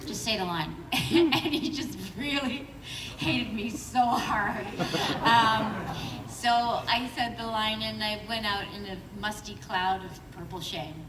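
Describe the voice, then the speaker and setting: A woman on a convention panel, an actor telling an animated audition story with frequent laughs. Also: fairly high pitch, slow pace. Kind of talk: panel anecdote. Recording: roomy hall from far off with noise.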